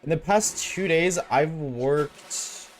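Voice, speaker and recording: A man's voice: on the high side, takes it slowly, soft background music. A man streaming a game and chatting casually with his viewers, laid-back and slangy, reading chat aloud.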